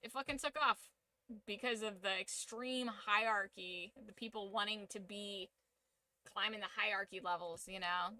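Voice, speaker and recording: A woman's voice: medium pitch, fairly even intonation, moderate pace, pushed and bright. A woman hosting a casual livestream, giving an opinionated, profanity-laced rant. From United States. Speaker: streamer and channel host.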